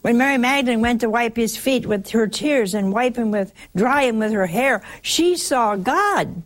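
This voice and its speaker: A woman's voice: fairly high pitch, animated, moderate pace. A woman preaching a sermon in a conversational way, often asking her listeners rhetorical questions.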